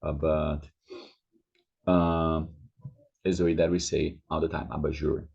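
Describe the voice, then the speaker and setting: A man with a Brazilian Portuguese accent teaching pronunciation, repeating each word over and over with drawn-out vowels. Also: a bass voice, level tone, creaky, breathy edge, highs cut off. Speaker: language teacher. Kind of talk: pronunciation lesson.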